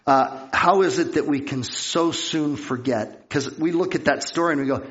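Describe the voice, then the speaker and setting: A man preaching a sermon, reading scripture aloud and acting out the characters of the story with lively storytelling. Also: a little high, moderate pace, muffled recording. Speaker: pastor.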